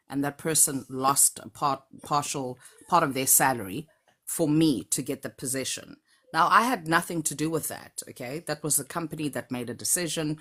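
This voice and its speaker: A middle-aged woman with a notably low voice talks through a personal story. She is measured and reflective, coming through a phone or video call. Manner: measured, reflective, lively when joking. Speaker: caller on a live stream.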